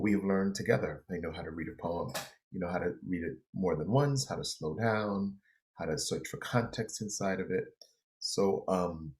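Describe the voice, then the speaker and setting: A middle-aged man, a college English instructor, lecturing an online class from his apartment in a loose, relaxed way with many fillers, his throat a little dry. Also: low-pitched, slight background noise.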